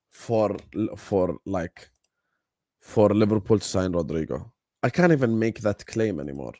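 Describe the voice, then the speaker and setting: A young man hosting a football fan live stream, talking casually, animated and repetitive as he rants at his chat. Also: mid-range voice, dry recording, studio quality. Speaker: football fan show host.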